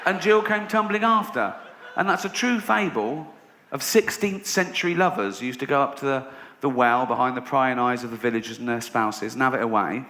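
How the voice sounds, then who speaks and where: On a theatre stage, an English man delivers a stand-up routine in a brisk, mid-range voice, telling stories deadpan before building into incredulous rants. The audience laughs throughout, and the live venue recording is noisy.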